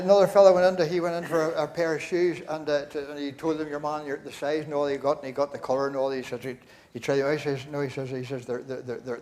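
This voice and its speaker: An older Northern Irish man hosts a concert in a big church, spinning jokes into a stage mic. His voice sits a little high for a man, and he chuckles and rambles with plenty of halting fillers. A faint hum sits behind him. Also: darkish tone. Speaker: master of ceremonies. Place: large church at a live concert.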